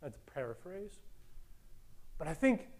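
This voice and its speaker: A man preaching a sermon, animated and enthusiastic, swinging from loud whoops to quiet, earnest talk. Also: a little high, unhurried. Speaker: pastor.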